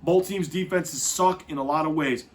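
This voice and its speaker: A man's voice: fairly high pitch, moderate pace. A man hosting a football podcast, talking casually and correcting himself as he goes. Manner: lively, swings loud and soft, self-correcting. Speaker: podcast host. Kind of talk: casual sports podcast talk.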